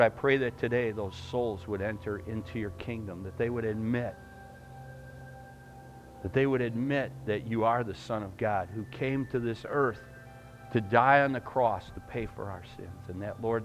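A man preaching a sermon in a church, emphatic and rising loud, then praying in a hushed voice. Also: on the low side. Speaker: pastor. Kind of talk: sermon and closing prayer. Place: church sanctuary.

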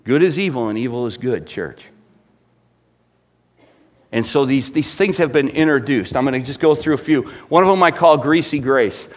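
A man's voice: mid-range voice, expressive, moderate pace. A middle-aged man preaching a sermon with rising fervor and asking the congregation rhetorical questions. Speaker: pastor.

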